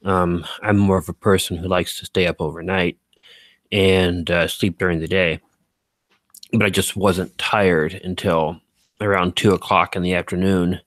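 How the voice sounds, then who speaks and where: A man's voice: sits low, little pitch movement, unhurried, a bit bright, dry recording. A man chatting casually on a live stream, reading out viewer comments, rambling with lots of fillers and self-corrections and poking fun at himself.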